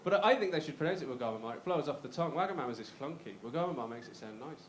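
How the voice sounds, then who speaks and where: Rapid-fire and lively in intonation, a man with a slightly high voice does stand-up in a comedy club, his Black Country accent marking him as from the West Midlands of England. In his thirties, he's chatty, self-deprecating and quick to banter with the crowd. The live, roomy recording carries a little hiss or hum.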